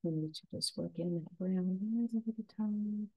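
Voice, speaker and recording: A woman giving a gentle, unhurried step-by-step painting lesson as the instructor. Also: mid-range voice, breathy edge, phone-quality sound.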